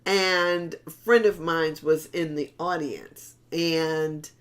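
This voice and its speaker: A woman's voice: low voice, takes it slowly. A middle-aged woman pastor giving a sermon in a conversational style, often repeating and restarting words and addressing the congregation directly.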